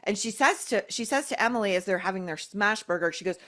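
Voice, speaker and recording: Woman guest commentator with a mid-pitched voice, emphatic and sarcastic. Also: animated, fast talker, bright, forceful tone. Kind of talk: casual commentary chat.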